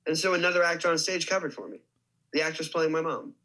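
A man's voice: fairly high pitch, fast, sharp tone, rough recording. A young man, an actor, telling a story casually with lots of restarts and "like". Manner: rambling, many restarts and likes. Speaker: actor guest.

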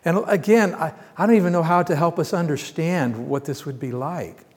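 A man preaching a sermon, teaching through scripture in a conversational way, asking his listeners questions and swinging between loud emphatic bursts and quiet asides. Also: fairly high pitch, normal speed. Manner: conversational, asks the congregation questions. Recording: long reverb of a large hall.

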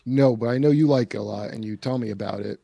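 A man's voice: medium pitch, quick pace, vocal fry, dark tone, no echo, muffled recording. A man playing the easygoing sidekick in a casual comedy chat. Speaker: co-host sidekick.

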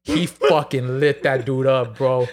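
A man's voice: mid-range voice, little pitch movement, measured pace. A man in a casual chat, telling a wild story with gasps, acted-out quotes and plenty of swearing.

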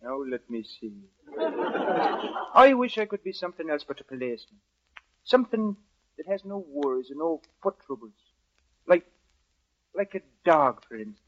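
A boisterous, joking Irish setter who was once a policeman, talking in a thick put-on Irish brogue in a fairly high voice. It is 1940s radio comedy, and the dull, hissy broadcast sound shows its age. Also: very animated, normal speed, long pauses. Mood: musing. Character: cheerful Irish policeman turned into a happy Irish setter, male.

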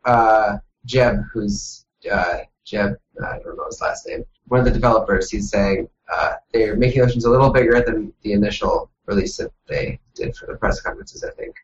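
A man's voice: fairly low pitch, moderate pace, hardly any pauses. Young male panelist, hesitant delivery, muffled slightly noisy recording. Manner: hesitant, trailing off. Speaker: podcast panelist. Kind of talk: casual chat. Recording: dull, faintly noisy audio.

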